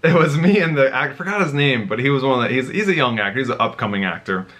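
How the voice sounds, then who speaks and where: A man vlogging, telling a rambling, animated story with many restarts. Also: medium pitch, fast. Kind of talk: casual storytelling to camera.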